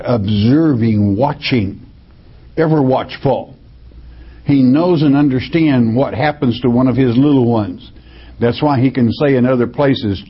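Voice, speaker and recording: A man preaching a Bible study, reading verses slowly and then explaining them in plain words. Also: mid-range voice, slightly rough. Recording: dull lo-fi recording.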